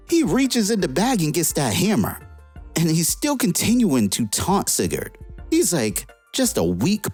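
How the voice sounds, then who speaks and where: A woman reviewing a comic book, who retells the story in an excited, slangy, casual way. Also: low-pitched, slightly rough.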